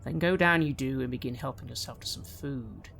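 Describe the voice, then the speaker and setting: A woman narrating as game master for a tabletop roleplaying game, describing scenes in measured detail. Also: rumbling low, creaky, fairly bright tone, a little hiss or hum.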